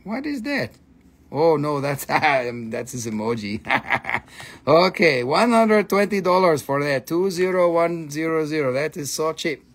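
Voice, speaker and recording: This livestream host selling minerals has a fairly high voice and speaks unhurriedly. He's excitable and profane, joking and chatting casually with his viewers.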